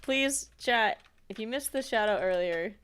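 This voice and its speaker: A woman's voice: on the high side, animated, measured pace, a bit bright, clear, resonant tone. A woman streamer chatting casually with her viewers while she plays, rambling and laughing often. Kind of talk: casual gameplay chat.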